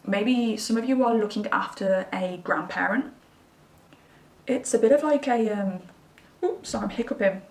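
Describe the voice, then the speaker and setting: Woman, tarot reader, chatty and reassuring, roomy sound, a bit distant from the mic. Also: medium pitch. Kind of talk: pick-a-card tarot reading.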